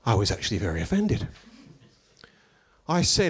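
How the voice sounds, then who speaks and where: A male stand-up comedian with a fairly high-pitched voice. He tells his stories in a deadpan, mock-pompous manner and drops dry asides along the way. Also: slow, long pauses, breathy edge.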